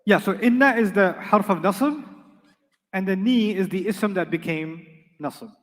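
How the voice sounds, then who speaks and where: A man's voice: sits high, normal speed, in a large hall. A man teaching Arabic grammar to a class, emphatic, repeating key points and quizzing his students.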